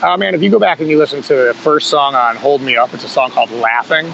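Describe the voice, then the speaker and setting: A man's voice: medium pitch, fast talker, gravelly, a bit bright. A man talking as a guest on a podcast about his punk band, telling stories loosely with lots of swearing and little laughs. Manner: loose, rambling storytelling with frequent swearing and chuckles. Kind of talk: casual conversational interview. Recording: dull lo-fi podcast audio with faint hum.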